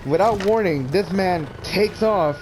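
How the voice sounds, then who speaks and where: A man's voice: sits high, unhurried. A young man telling a casual story-time tale, rambling with many restarts and repeated words. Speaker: vlogger. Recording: noisy background.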